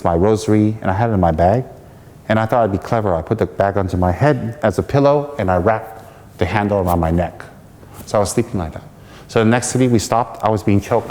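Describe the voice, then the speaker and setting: A man from the United States giving a Buddhist teaching as a lively story, laughing often and acting out what people said. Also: lowish voice, in a large hall. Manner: animated, laughs often, acts out quoted speech. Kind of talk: storytelling dharma talk.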